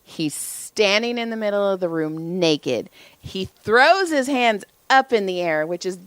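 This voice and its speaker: A woman who co-hosts a podcast and works as a massage therapist casually tells stories, swearing and doing the voices of people she quotes. Her voice is medium-pitched with lively intonation and a slightly slow pace, with no room sound.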